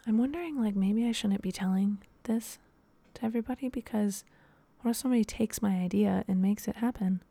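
A woman's voice: medium pitch, a little fast, gravelly, hardly any pauses, dark tone, no echo. A young woman hosting a casual solo podcast, talking in a rambling, chatty way with lots of fillers. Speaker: podcast host and dance teacher.

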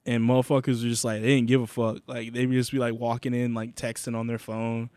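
A man's voice: medium pitch, flat delivery, brisk, darkish tone, no echo. A young man co-hosting a podcast, telling a story in loose, profane, filler-heavy talk. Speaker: podcast co-host. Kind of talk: casual storytelling chat.

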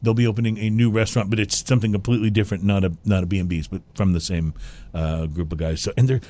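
A man's voice: fairly low pitch, steady tone, quick pace, dark tone. Chatty man hosting a show. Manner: laughs often, chatty with restarts. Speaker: podcast host. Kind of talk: casual chat.

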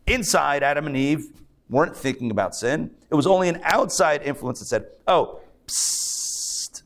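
Rabbi teaching a live class. Male, fairly high-pitched voice, conversational and jokey, restarts his sentences as he thinks. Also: expressive, a little fast, creaky. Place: synagogue class.

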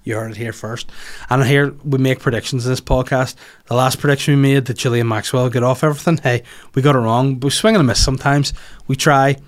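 A man's voice: medium pitch, a little fast. Rambling, swearing male podcast host. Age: adult, has children. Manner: rambling, animated, swears freely. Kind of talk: casual podcast chat.

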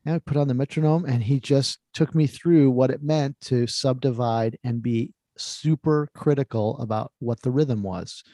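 A man co-hosting a podcast, telling a story in relaxed casual chat. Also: medium pitch, moderate pace, few pauses, dry recording, clean studio sound. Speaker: co-host.

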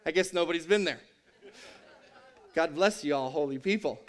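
A man's voice: on the high side, normal speed. A man preaching a sermon in a conversational, joking and emphatic way. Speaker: pastor.

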